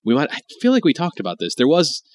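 Fast-talking man with a cold. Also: huge pitch swings. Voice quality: slightly deep and raspy from the cold. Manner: rambling, many fillers and restarts. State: sick with a head cold. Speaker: podcast co-host. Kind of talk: casual chat.

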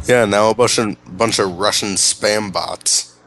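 A man co-hosting a podcast in casual chat, cracking deadpan jokes. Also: on the low side, measured pace.

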